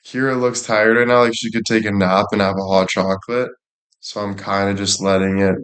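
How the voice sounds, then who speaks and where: A young man in loose, crude conversation, talking in circles and breaking into laughter. His voice sits a bit on the low side. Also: level tone, brisk, fairly bright tone. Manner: crude, rambling, laughs often. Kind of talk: casual chat.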